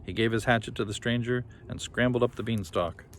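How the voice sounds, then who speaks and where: A man reading a children's story aloud with lively, expressive narration. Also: medium pitch, fairly quick, slight background noise. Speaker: reader.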